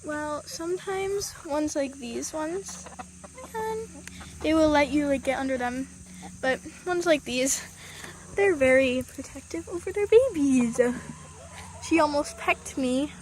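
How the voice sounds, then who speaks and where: A high-pitched young woman chats while she films herself at a chicken coop with a handheld camera. She coaxes her hens in a sing-song tone. Faint outdoor noise and clucking sit behind her voice. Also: slow, a little mellow. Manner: chatty, coaxing the hens with baby talk. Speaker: vlogger. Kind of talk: casual vlog narration.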